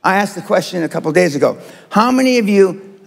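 Man in his seventies, gravelly voice, slightly high pitch, blunt motivational speaker, many fillers, echoing hall. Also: lively intonation, a little fast. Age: 70s. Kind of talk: speech to a live audience.

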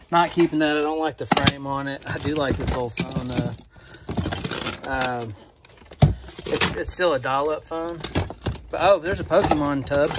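On a phone recording with loud clicking and handling noise, a man with a fairly high voice digs through boxes of resale finds. He's a vlogger keeping up a casual running commentary, rambling and getting excited easily.

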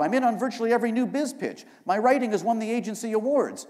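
A male author reading his own novel aloud at a live library event, with dry, deadpan first-person narration. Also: high voice, brisk, few pauses, big-room sound. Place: public library event hall.

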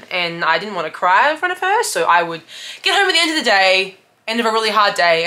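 A woman's voice: mid-range voice, sharp tone. A young woman telling a raw, confessional story of a business failing, swearing often and sometimes laughing through the hard parts. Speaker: business owner. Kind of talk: candid personal storytelling.

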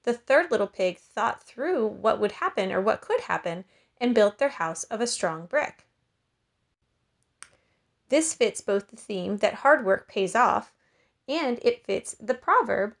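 A woman's voice: mid-range voice, unhurried. Woman teacher reading aloud. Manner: clear, patient teacher talk, animated reading. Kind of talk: recorded lesson with read-aloud.

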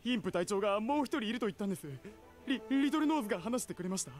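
A man voicing a nervous young male subordinate in a game cutscene, stammering and hurried as he reports to his captain. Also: sits high, lively intonation, faint music behind. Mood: nervous pleading.

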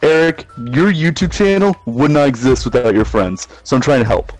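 A man's voice: mid-range voice, very animated, moderate pace, faint music behind. Teasing man gaming with friends. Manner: teasing, joking. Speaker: gamer. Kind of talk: casual game voice chat.

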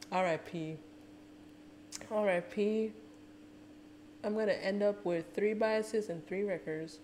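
A woman's voice: medium pitch, takes it slowly, long pauses, a little hiss or hum. A woman making a casual music reaction vlog, teary and gushing, talking back at the screen in exasperation. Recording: music playing loudly behind her voice.

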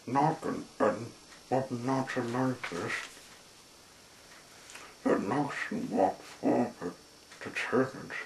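A man reads a storybook aloud at an extremely slow, deliberate pace, his voice gravelly with fry. The sound is roomy and echoey, with faint noise underneath. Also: medium pitch.

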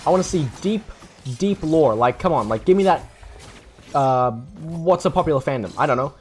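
A man's voice: on the high side, expressive, moderate pace, a little hiss or hum. A young man rambling through casual gameplay commentary late at night, tired, self-deprecating and swearing freely. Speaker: gaming YouTuber.

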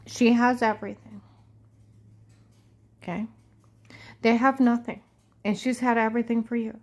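A woman's voice: on the high side, level tone, a little slow, pauses often, darkish tone, rough recording. A woman talking straight to her viewers in a rambling, repetitive and agitated personal monologue.

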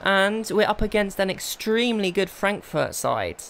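Excitable young gaming commentator. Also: male voice, sits high, normal speed, creaky, a little hiss or hum. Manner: excitable, swings between exasperated outbursts and calm planning. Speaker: gaming video creator. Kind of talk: live gameplay commentary.

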